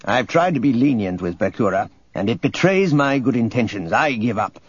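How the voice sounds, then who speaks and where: A man voicing a scheming male imperial governor with smooth, calculating menace. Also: mid-range voice, big pitch swings, normal speed, dry recording, highs cut off. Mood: coldly threatening.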